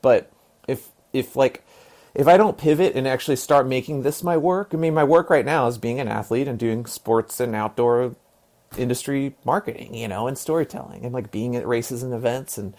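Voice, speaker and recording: A man's voice: medium pitch, moderate pace, a little mellow. A man in his forties from the US South, talking casually as an interview guest, rambling with lots of fillers and repeated words and the odd swear. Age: 40s.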